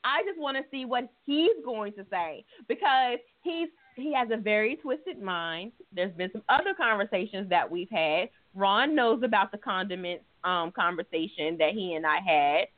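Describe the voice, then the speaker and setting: A woman's voice: mid-range voice, lively intonation, normal speed, few pauses, no room sound. A woman co-hosting a casual talk show, laughing often and talking over the others. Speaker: co-host. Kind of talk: casual chat. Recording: tinny phone-like sound.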